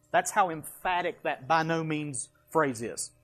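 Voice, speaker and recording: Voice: mid-range voice, lively intonation, measured pace, few pauses. A preacher giving a verse-by-verse sermon with slides, emphatic, asking rhetorical questions and answering them, with folksy asides.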